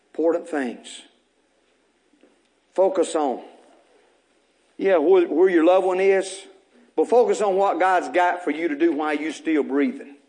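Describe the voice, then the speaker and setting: A man's voice: a little high, darkish tone. A male pastor, preaching a folksy, fervent sermon full of repetition in a church. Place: church sanctuary.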